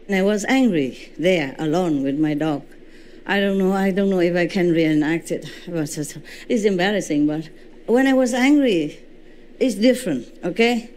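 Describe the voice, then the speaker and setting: A woman spiritual teacher giving a lecture in non-native English, telling stories with lively reenactments and often checking in with "you know" and "okay?". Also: fairly low pitch, measured pace. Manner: animated storytelling, reenacting her own shouts. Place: indoor lecture at a retreat. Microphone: microphone.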